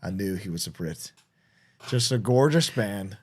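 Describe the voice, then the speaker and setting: Excitable man swearing through a casual chat. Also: fairly low pitch, measured pace, breathy edge. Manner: animated storytelling, heavy swearing, frequent restarts. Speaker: podcast co-host.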